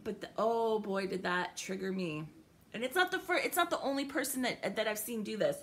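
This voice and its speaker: A woman's voice: mid-range voice, fairly quick, fairly bright tone. A young woman venting in an angry, profane, sarcastic rant to the camera, upset and livid. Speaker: vlogger.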